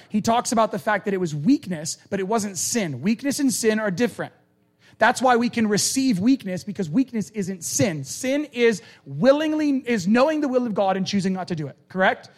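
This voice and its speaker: A male preacher giving a conversational, animated sermon and acting out quoted lines. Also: sits high.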